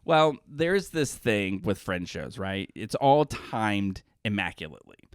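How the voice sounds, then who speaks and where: A man's voice: lowish voice, very animated, measured pace, clear, resonant tone, no echo, studio quality. A man co-hosting a casual podcast, telling stories in a rambling way and often correcting himself. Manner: rambling storyteller, self-correcting. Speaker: podcast co-host. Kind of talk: casual chat.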